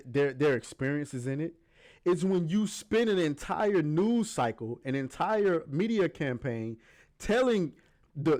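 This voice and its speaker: A man with a fairly high voice delivers fired-up reaction commentary on a video clip. He argues hard, pushes his points with emphasis and swears freely. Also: darkish tone. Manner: argumentative, emphatic, swears often.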